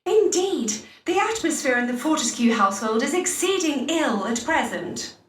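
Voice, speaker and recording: Excitable Elizabethan lady, high and swooping, theatrical game voice, far-off roomy sound. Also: moderate pace, slight background noise. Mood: gossipy. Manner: gossipy, theatrical olde-English speech. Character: fussy Elizabethan gentlewoman, indignant and excitable. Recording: distant roomy game audio.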